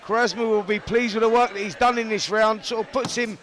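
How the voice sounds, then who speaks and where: A man's voice: sits high, fairly even intonation, fairly quick, a bit bright. A man with a Cockney accent giving live boxing commentary in a chatty, bantering way.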